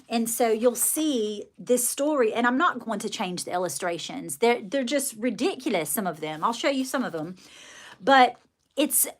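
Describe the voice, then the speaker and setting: Gushing woman with light British RP. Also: on the high side. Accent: light adopted British RP. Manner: gushing and affectionate, calls viewers darling, says little often. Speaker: livestream host and children's book author. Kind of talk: casual livestream chat.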